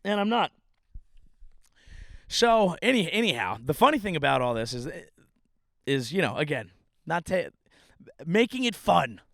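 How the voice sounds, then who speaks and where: A man's voice: a little high, big pitch swings, unhurried, gravelly, long pauses, fairly bright tone, dry recording. Rambling, self-mocking male comedian, dry sound. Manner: rambling, profane, self-deprecating. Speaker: comedian and podcast host. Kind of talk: casual storytelling monologue. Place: outdoors by a ditch at a family home.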